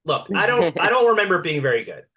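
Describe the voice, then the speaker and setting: Animated man rambling through a casual chat. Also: high-pitched, fast, dull audio, a loud crowd. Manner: rambling, animated storyteller with fillers. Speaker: podcast co-host.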